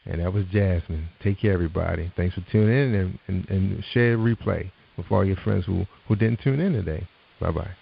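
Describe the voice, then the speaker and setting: A man hosting a casual internet radio show, his low voice full of gravel. He talks in an upbeat, encouraging way and fills his speech with ums. The sound is dull and lo-fi. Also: fairly quick. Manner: upbeat, encouraging, many fillers. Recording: muffled lo-fi sound.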